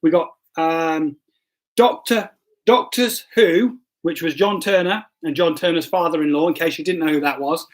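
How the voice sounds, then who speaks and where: Brief: male pastor hosting a live stream, high voice, jokey, apologetic, bumbling. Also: moderate pace. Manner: jokey and self-deprecating, stumbles and apologizes. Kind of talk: casual livestream chat, reading quiz results.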